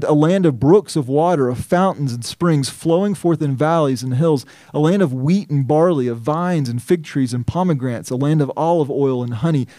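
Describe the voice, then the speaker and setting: Earnest pastor with a mellow voice. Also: male voice, on the high side, dry recording, clean studio sound. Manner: measured, earnest preaching with emphatic scripture reading. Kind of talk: sermon.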